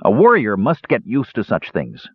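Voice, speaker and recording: A man's voice: on the low side, wildly swooping pitch, normal speed, breathy edge, no room sound, highs cut off, exaggerated voice. A man doing a stern, bossy eldest brother. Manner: sour, commanding.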